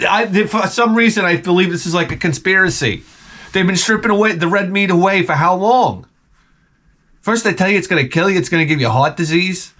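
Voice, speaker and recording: A middle-aged man rants in a rambling, profane, animated way, full of restarts. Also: high voice. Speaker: vlogger. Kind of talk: profane comic rant.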